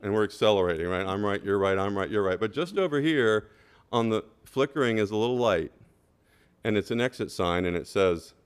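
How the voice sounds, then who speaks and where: A man on a school board, speaking at a meeting and telling an anecdote with lively asides and "right?". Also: on the low side, a little fast, smooth. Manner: animated storyteller, repeats "right?".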